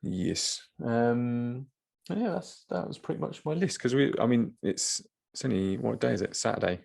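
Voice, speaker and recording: List: man, gravelly, husky, jokey podcast co-host. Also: medium pitch, lively intonation, moderate pace, darkish tone. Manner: jokey storytelling, acts out dialogue. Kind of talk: casual chat.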